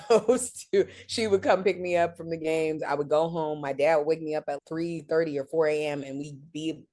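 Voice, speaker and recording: Speaking in a low-sitting voice, a woman recounts her career with lots of energy as a guest in a relaxed interview, performing the voices of the people she quotes.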